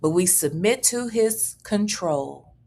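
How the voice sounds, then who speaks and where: A woman's voice: medium pitch, animated, takes it slowly, a little mellow, a little hiss or hum. A woman hosting a casual livestream, chatty and profane, reading out viewer messages and thanking them. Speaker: livestream host.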